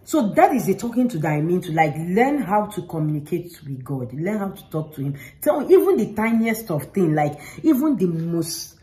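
A woman's voice: lowish voice, big pitch swings, moderate pace, few pauses, mellow, poor audio. A woman talking straight to the camera, giving earnest, informal faith advice and repeating herself for emphasis. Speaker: faith vlogger.

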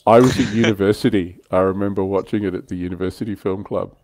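Brief: older male host, low-pitched, chatty and self-mocking, dry mic. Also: fairly even intonation, fast talker, darkish tone, no echo. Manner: chatty, self-deprecating, laughs often. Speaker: livestream host. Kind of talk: casual livestream chat.

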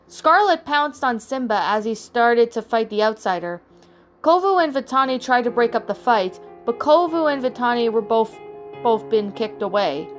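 A woman reading her own fan fiction story aloud as narrator, in a plain, even read-aloud manner with small slips. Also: on the high side, moderate pace. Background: soft background music.

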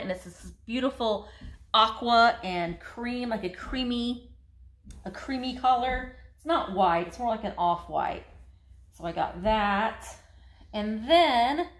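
A woman's voice: on the high side, pushed and bright, slight background noise. A woman reselling vintage, showing off her finds in a chatty, gushing haul video. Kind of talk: casual show-and-tell haul video.

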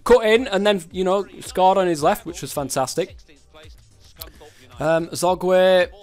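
High-voiced man ranting over a game. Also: takes it slowly, a little mellow, faint music behind. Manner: swears a lot, frustrated ranting at the game. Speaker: gaming YouTuber. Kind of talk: casual game commentary.

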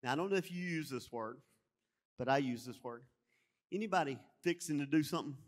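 A pastor from Alabama with a Southern accent, preaching a sermon and moving from folksy stories to loud, rising exhortation. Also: male voice, a little high, a little fast. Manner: builds from quiet storytelling to loud preaching; folksy, calls the congregation y'all.

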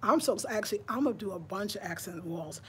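There's slight background noise as this lifestyle vlogger, a New Yorker in her fifties, talks quickly to the camera from home. Her mid-range voice has lively intonation, and her tone is breezy and friendly, as though among girlfriends.

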